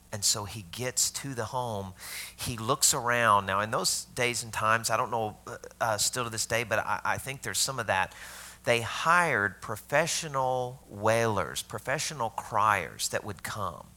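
A man's voice: fairly low pitch, animated, measured pace, bright, forceful tone. A man preaching a sermon, telling the story conversationally, asking his listeners questions and dropping to a whisper for tender moments. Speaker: pastor.

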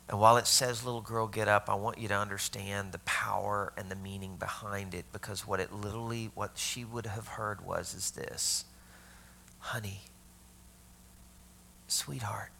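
Man, pastor, sermon, gravelly voice, bright tone, conversational, asks the audience questions. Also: lowish voice, slight background noise.

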